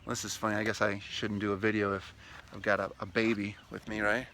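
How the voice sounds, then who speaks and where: Gravelly-voiced man vlogging by the water. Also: on the low side, little pitch movement, fast talker, sharp tone, slight background noise. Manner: chatty, enthusiastic, talks to his dog mid-video. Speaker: vlogger giving sales tips. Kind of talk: casual outdoor vlog monologue. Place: outdoors by a lakeshore with lapping waves.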